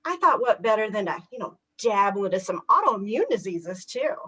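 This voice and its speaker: A woman performing a stand-up comedy set with animated, punchy delivery. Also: medium pitch, brisk, husky, low-quality recording. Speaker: stand-up comic.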